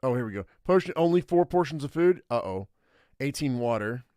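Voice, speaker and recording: Male streamer, mid pitch, smooth clear voice, dry close sound, reads a game aloud hesitantly. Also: animated, a little fast, warm tone, dry recording. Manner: thinking aloud, hesitant, with frequent fillers. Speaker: streamer playing an interactive fiction game. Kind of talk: live gameplay commentary and reading aloud.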